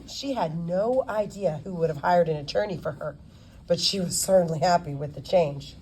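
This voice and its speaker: A woman narrating a novel as an audiobook, with expressive storytelling. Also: lowish voice, normal speed, slight background noise. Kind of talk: scripted narration.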